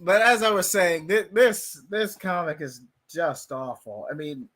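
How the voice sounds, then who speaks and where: A man's voice: high voice, animated, a little slow, a bit bright. A man co-hosting a casual live stream, ranting about a comic with exaggerated mock-anguish. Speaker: co-host reviewing comics.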